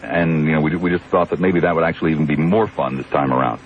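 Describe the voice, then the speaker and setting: A man with a low, rumbling voice hosts a call-in radio talk show at a quick, steady pace. He is wry and rambling, teasing both callers and his studio audience. The sound is a dull AM broadcast with a faint hiss.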